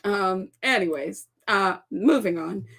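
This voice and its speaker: A woman's voice: mid-range voice, lively intonation, slow, creaky, a bit bright. A woman hosting a casual live-stream chat, reading viewer comments and rambling through stories with many restarts and laughs. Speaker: host of a live chat show.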